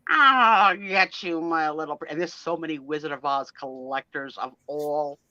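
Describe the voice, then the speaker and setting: A woman's voice: low-pitched, steady tone, moderate pace, dry recording, lo-fi sound. A woman hosting a live sale stream in casual chat, enthusiastic, gushing and teasing.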